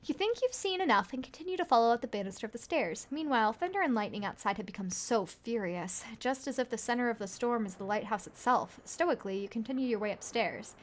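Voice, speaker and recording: A woman's voice: on the high side, expressive, quick pace, hardly any pauses. A woman streaming a narrative game, reading its text aloud and chatting with her viewers, laughing often. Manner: giggly, chatty, reads chat aloud.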